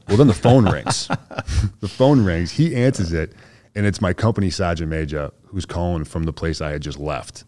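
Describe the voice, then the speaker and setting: A man's voice: sits low, moderate pace, mellow, dry recording, clean studio sound. A man, a soldier guest on a podcast, telling a story in a laid-back, slangy way and acting out what others said. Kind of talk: casual storytelling interview.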